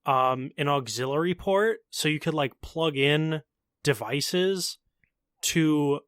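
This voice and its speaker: Young guy rambling on a podcast, bit high voice, dry close sound. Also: slow, fairly bright tone, clean tone, no echo. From Long Island, New York. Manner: laid-back, rambling, lots of "like". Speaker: podcast co-host. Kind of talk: casual chat.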